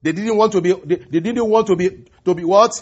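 A man preaching a sermon, halting and repeating words, breaking in with hallelujahs and praise the Lords. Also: high voice, breathy edge. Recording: dull lo-fi recording.

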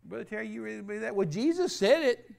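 A man's voice: high voice, lively intonation, quick pace, creaky, darkish tone. A man preaching a sermon, emphatic and repetitive, spelling out key words letter by letter.

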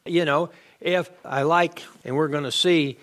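Emphatic high-voiced man teaching. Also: steady tone, measured pace, a bit bright. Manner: explains grammar step by step, emphatic. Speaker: Bible teacher. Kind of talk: Bible study lesson.

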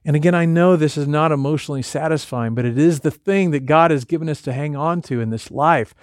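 A man's voice: fairly high pitch, a little fast, no room sound, studio quality. A man preaching a sermon in a conversational way, retelling scripture and voicing the lines of the people in it. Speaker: pastor.

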